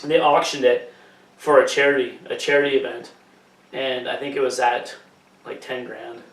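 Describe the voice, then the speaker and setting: A man's voice: medium pitch, level tone, moderate pace, fairly bright tone. A man co-hosting a podcast in a casual, rambling, jokey way, swearing freely. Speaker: podcast co-host. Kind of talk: casual chat. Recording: echoey room, distant mic.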